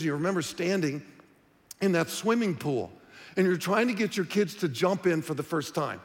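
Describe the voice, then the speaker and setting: A man's voice: high-pitched, long reverb tail. A man preaching a sermon as pastor, talking to the congregation in a conversational, direct way.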